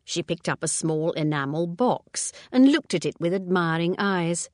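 A woman narrating an audiobook with calm, measured delivery. Her narration sits lower and steadier than her character voices. The recording is dry and close. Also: dry recording. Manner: low, even narration between dialogue. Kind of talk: scripted narration.

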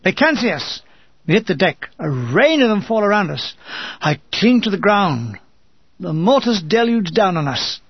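A man's voice: sits high, sing-song, normal speed, breathy edge, no room sound, lo-fi sound. A man narrating his own wartime memoir in a dry, wry voice that turns urgent and shaken. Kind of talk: first-person wartime memoir reading.

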